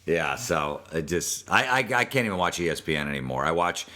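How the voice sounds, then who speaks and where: A man's voice: low voice, animated, fairly quick, pushed and bright. A man ranting crudely in a casual podcast chat, swearing freely. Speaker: podcast host.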